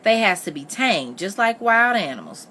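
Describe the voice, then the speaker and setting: A woman's voice: big pitch swings, normal speed, fairly bright tone, slight background noise. A woman voicing an insistent, matchmaking older mother in a read-aloud story. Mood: coaxing. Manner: insistent, raised high voice.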